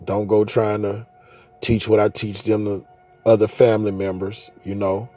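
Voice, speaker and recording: A man's voice: on the low side, monotone, moderate pace, mellow, soft background music. A man in his thirties, a father, telling a rambling story about faith in casual, profane speech full of restarts. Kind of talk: casual spoken monologue.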